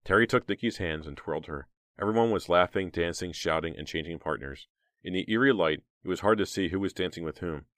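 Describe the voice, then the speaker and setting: Deep-voiced man narrating a horror audiobook. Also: no echo, studio quality. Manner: steady, measured reading.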